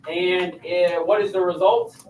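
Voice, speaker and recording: A high, steady, darkish male voice delivers an unhurried, conversational lecture, with the teacher posing questions to his class. The sound comes from a distance in an echoey classroom, with slight background noise.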